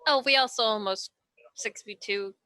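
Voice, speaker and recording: A woman running a tabletop game as game master, lively and playful, pausing to explain asides. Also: mid-range voice, clean tone, no room sound.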